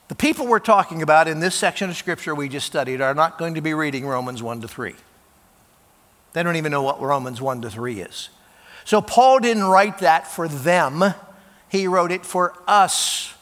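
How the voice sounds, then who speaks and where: A male pastor preaching in a church sanctuary, his voice bright and forceful and set a little high. He talks plainly to his listeners, stumbling and repeating words, then leans hard on key phrases. A long reverb from the large hall trails each line. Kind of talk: sermon.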